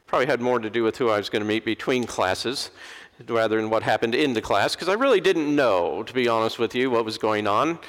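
A middle-aged man, an Episcopal preacher, giving a lively sermon and acting out the people he quotes. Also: medium pitch, fairly quick. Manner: animated, acts out quoted voices. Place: large church. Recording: long church reverb.

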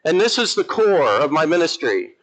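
A man who is an Episcopal priest, preaching a lively, emphatic sermon in church with humorous asides. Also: a little high, normal speed, rough recording.

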